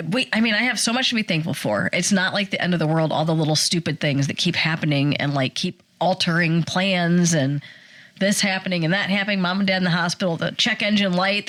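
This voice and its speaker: A woman in her forties, a podcast co-host telling a personal story in casual chat, animated and acting out the quotes. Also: lowish voice, no echo. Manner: animated storyteller, acts out quotes, fast bursts.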